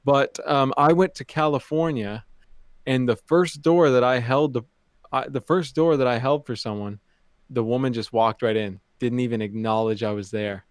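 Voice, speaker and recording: A man's voice: medium pitch, moderate pace, smooth, dry recording. A young man from Canada co-hosting a podcast, chatting casually and telling rambling stories with restarts. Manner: easygoing, rambling storytelling with restarts. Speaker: podcast co-host. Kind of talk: casual chat.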